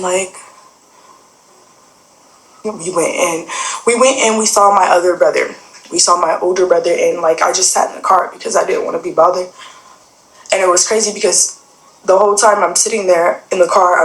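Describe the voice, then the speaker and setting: A young adult woman with a somewhat low voice tells a personal story in a loose, rambling way, leaning on fillers and acting out quoted conversations. The recording carries a noticeable roomy echo. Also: fairly even intonation, normal speed, fairly bright tone. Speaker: guest sharing a personal story.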